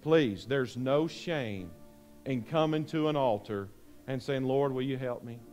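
A man preaching an earnest, pleading sermon invitation in a church, repeating his phrases. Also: mid-range voice. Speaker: pastor. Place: church sanctuary.

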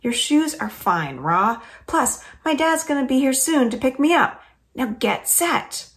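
A woman's voice: sits high, big pitch swings, a little slow, a bit bright, pitched above the performer's own voice, heavily acted. A woman reading the part of a bossy, matter-of-fact young girl in a storybook.

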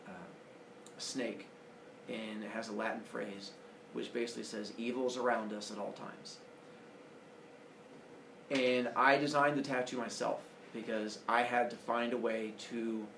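A man's voice: mid-range voice, gravelly, a bit bright, reverberant, slight background noise. A man in his forties giving an earnest, personal motivational talk to students, heard from a distance in a large room. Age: 40s. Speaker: school speaker.

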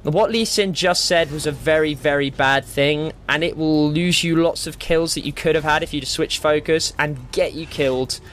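A man's voice: a little high, moderate pace, hardly any pauses, a little hiss or hum. A young man giving live gameplay commentary, ranting and swearing as he plays. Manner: ranting, swears a lot, excitable. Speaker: gamer.

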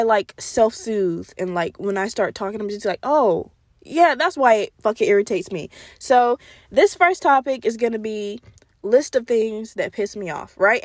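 A woman's voice: medium pitch, dry recording, studio quality. A young woman, hosting a solo podcast and venting bluntly, with lots of swearing. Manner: blunt, profane, animated venting. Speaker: podcast host.

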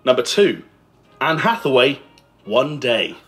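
A man's voice: mid-range voice, very animated, slow, fairly bright tone, faint music behind. A man reading a scripted movie list countdown in a sarcastic, mocking way. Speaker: list video narrator. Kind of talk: scripted narration.

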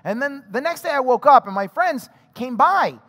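A male pastor giving an animated, chatty sermon, telling a personal story and asking the congregation questions. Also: very high-pitched, normal speed. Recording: long hall reverb.

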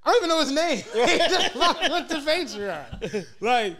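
A man's voice: very high-pitched, big pitch swings, moderate pace, sharp tone. A man from Philadelphia, a podcast co-host, chatting casually and telling long stories, acting out what other people said. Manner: rambling storyteller, acts out others' quotes.

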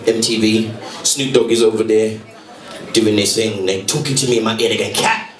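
A man's voice: fairly low pitch, steady tone, fairly quick. A man doing stand-up comedy, telling a story with laughter and acting out voices. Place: comedy stage. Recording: roomy live club from far off with crowd.

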